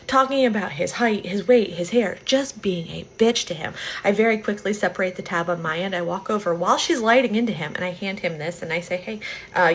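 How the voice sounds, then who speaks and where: A woman recounts a story from her job as a server, talking at a rapid clip. Her tone is exasperated, her voice sits a little low, and it is full of gravelly fry. Faint noise runs underneath. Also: fairly bright tone. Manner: fast, exasperated retelling. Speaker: restaurant server.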